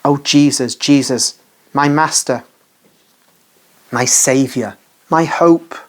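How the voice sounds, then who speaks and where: A reader voicing a grieving young woman who pleads in anguish with her master, in a slow devotional reading. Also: mid-range voice, close to an everyday voice. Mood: anguished pleading. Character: grieving young woman, sobbing sister and disciple.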